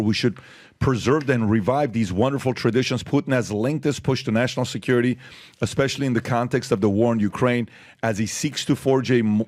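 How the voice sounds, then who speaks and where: A man's voice: mid-range voice, no room sound. A man hosting a talk podcast, reading news items aloud and breaking in with pointed comments. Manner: reads headlines aloud, then breaks in with sharp asides. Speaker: podcast host.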